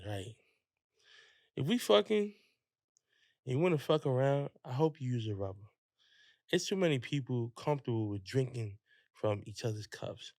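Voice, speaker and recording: A man with a New York accent hosting a podcast, laid-back and quick to agree. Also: medium pitch, expressive, a little mellow, dry recording, clean studio sound. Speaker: podcast host. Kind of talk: casual podcast chat.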